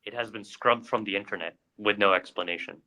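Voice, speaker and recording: A man's voice: on the low side, steady tone, fairly quick, noisy background. A man co-hosting a podcast, telling a story in casual chat with lots of fillers and restarts. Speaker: podcast co-host.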